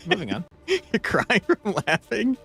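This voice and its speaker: A man streaming a tactical board game, commentating as he plays and often swearing and yelling at the game in frustration. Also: high-pitched, huge pitch swings, measured pace, vocal fry. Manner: exasperated, swears and yells at the game. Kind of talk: gameplay commentary.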